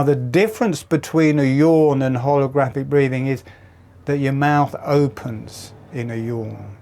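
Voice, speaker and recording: A man teaching a breathwork lesson, calmly explaining and demonstrating each step. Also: on the high side. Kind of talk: guided breathing instruction.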